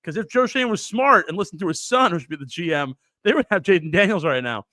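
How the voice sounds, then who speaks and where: A man in his twenties telling rambling stories in a casual chat, with animated bursts. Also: high voice, quick pace, dry recording, clean studio sound. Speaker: panelist.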